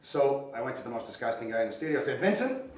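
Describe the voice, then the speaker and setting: Relaxed male host, echoey room. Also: mid-range voice, very fast, slight background noise. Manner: upbeat, informal, addresses fans directly. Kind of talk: casual introduction to camera. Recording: roomy, distant mic.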